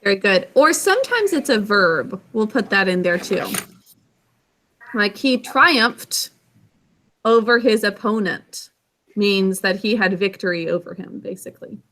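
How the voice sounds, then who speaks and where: A woman's voice: mid-range voice, expressive, measured pace, pushed and bright. A woman teaching a spelling and phonics lesson, sounding out words carefully and praising her pupils often.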